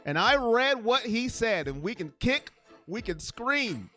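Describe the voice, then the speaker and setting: A live-stream sports host chatting casually and reading viewer comments, animated and playful, teasing with exaggerated repeats and hyping the audience by repeating phrases. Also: mid-range voice, measured pace, faint music behind.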